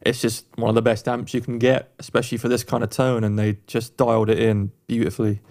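A man's voice: medium pitch, level tone, fast talker, darkish tone. A man co-hosting a music podcast, talking enthusiastically in casual, rambling chat with frequent restarts. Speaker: podcast co-host reviewing songs.

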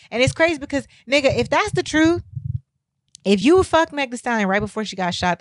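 A woman's voice: mid-range voice, no echo. A woman vlogging a heated opinion rant, talking bluntly with heavy swearing and exasperated emphasis.

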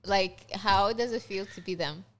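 A woman's voice: medium pitch, measured pace, heavy background noise. A woman co-host in casual podcast chat, reacting, swearing casually and laughing along.

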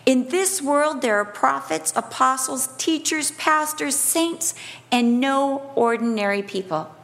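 High-voiced woman preaching a sermon. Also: slow pace. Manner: expressive, swings between emphatic and hushed delivery; conversational asides with humor.

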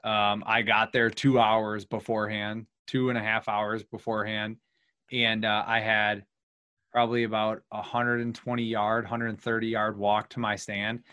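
A man's voice: on the low side, flat delivery, moderate pace, sharp tone, clean tone, no echo. Easygoing man in dry close-up chat. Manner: easygoing, laughs along. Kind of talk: casual chat.

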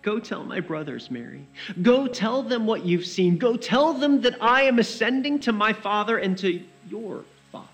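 Jesus, a gentle risen teacher, as a preacher voices him. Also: male voice, high-pitched, animated, moderate pace, faint music behind. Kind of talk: sermon storytelling.

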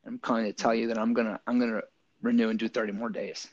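A man, a podcast guest and yoga teacher, telling a story casually with lots of fillers and lively quoted voices. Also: medium pitch, quick pace, no echo, highs cut off.

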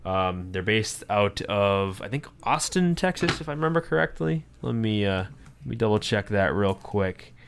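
Low-voiced man chatting casually. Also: expressive, normal speed, gravelly, background noise. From Florida. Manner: rambling, enthusiastic, many fillers. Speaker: podcast co-host. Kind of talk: casual chat.

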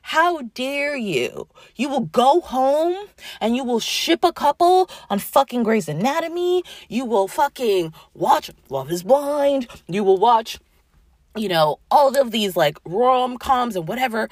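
A woman's voice: on the high side, animated, unhurried, a little mellow, no echo. A woman hosting a podcast, ranting casually with profanity and sarcasm, often mock-quoting other people. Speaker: podcast host.

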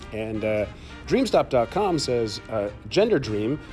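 A man's voice: medium pitch, sing-song, takes it slowly, a little mellow, soft background music. A man hosting a casual solo podcast, rambling and swearing with frequent laughs while he walks around his studio. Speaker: podcast host.

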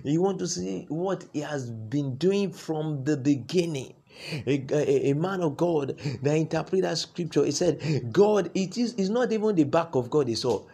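A man's voice: on the high side, creaky, mellow, breathy edge. A man preaching a sermon with an opening prayer, fervent and repetitive, pressing his points with rising emphasis. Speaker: pastor.

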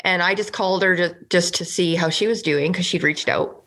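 A woman from Canada speaks in a low register with a gravelly, creaky texture. She sounds earnest and indignant in a loose political podcast conversation, leaning on "like" as she talks. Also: brisk, fairly bright tone. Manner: earnest, indignant, lots of "like" fillers. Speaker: provincial legislator co-hosting a podcast. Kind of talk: casual political chat.

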